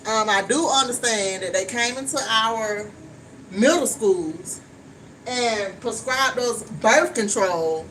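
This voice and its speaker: A woman's voice: on the high side, slow. Chatty woman cooking at home. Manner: chatty, frank, talks straight to viewers, swears casually. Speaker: vlogger. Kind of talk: casual chat while cooking. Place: home kitchen. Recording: distant mic with steady background noise.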